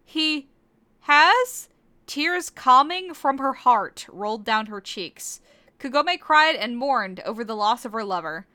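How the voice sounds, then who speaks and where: Brief: woman host, bright and fairly high voice, mock-serious comic reader. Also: animated, measured pace. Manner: mock-serious, giggly asides. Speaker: podcast host. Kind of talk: comic dramatic reading.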